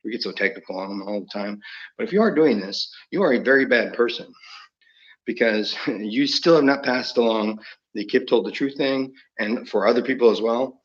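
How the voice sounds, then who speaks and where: A man rambles on in a loose, meandering monologue, chuckling between thoughts and dropping into other people's voices. His pitch sits in an ordinary middle range. The recording is dull and lo-fi. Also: normal speed. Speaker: channel host.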